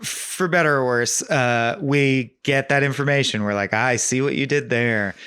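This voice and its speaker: Man, podcast co-host, smooth resonant voice, dry close sound, animated recap. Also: medium pitch, normal speed, dry recording. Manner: animated, recaps scenes and quotes lines. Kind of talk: casual film discussion.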